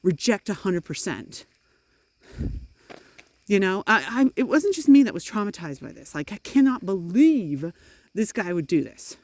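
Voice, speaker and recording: A woman's voice: medium pitch, sing-song, moderate pace, a little mellow. A middle-aged woman vlogging outdoors while walking in the rain, talking into a phone in a frustrated, emphatic way. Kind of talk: walking vlog monologue.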